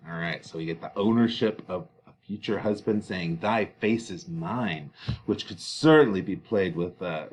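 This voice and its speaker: A man teaching a play, reading its lines aloud and then paraphrasing them casually. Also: a little hiss or hum. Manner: reads quoted lines louder and higher, then paraphrases casually; conversational with fillers.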